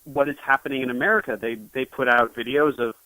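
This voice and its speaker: A young man, a journalist guest, talking in an interview in a halting way with many restarts. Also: mid-range voice, steady tone, bright, forceful tone, no echo, rough recording. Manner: hesitant, full of restarts. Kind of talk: interview conversation.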